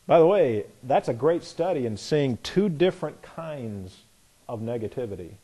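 A man preaches an expository sermon in a medium-pitched, husky, warm voice, animated and at normal speed. He reads scripture aloud and then comments on it conversationally.

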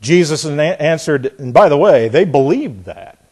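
Fairly high-voiced male preacher. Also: lively intonation, measured pace, a little mellow, husky. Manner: reads scripture aloud, then comments with sudden bursts and drops in volume; laughs at times while preaching. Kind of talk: sermon.

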